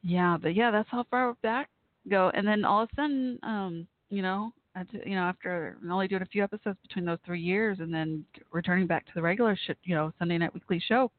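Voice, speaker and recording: A talk show host chatting casually on an online radio show, reacting excitedly with gasps and exclamations. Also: medium pitch, a little fast, no room sound. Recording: dry, phone-like line.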